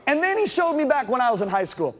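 A man with a high voice preaching in a church, storytelling with drama and sudden drops to a near hush. The sound carries a long hall reverb around him. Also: sing-song, fast. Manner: dramatic storytelling, swinging from loud to hushed. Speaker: pastor. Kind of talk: sermon. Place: church sanctuary.

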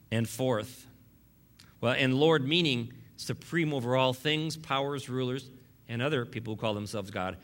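Gravelly, bright-voiced male pastor preaching. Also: mid-range voice, moderate pace. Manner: emphatic, repeats key lines, wry asides to the congregation. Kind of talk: sermon.

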